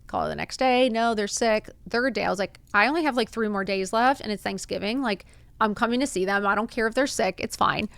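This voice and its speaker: A woman hosting a podcast, telling a personal story in a casual, animated way, acting out quotes and saying "like" a lot. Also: mid-range voice, a little fast, creaky, dry recording. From Miami. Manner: animated, acts out quotes, says "like" often. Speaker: podcast host.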